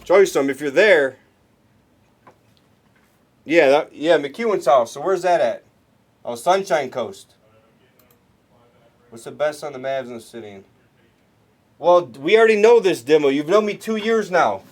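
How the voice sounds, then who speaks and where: A man's voice: fairly high pitch, animated, a little slow, long pauses. Rambling man hosting a card break. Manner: rambling, talks to chat viewers, restarts often. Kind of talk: casual livestream chat.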